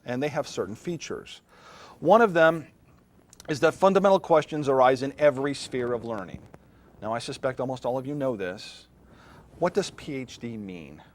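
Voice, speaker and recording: A middle-aged man lectures on philosophy to a class. His delivery is conversational and unscripted, with pauses to put questions to the room. His voice sits at an ordinary pitch for a man. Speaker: philosophy professor.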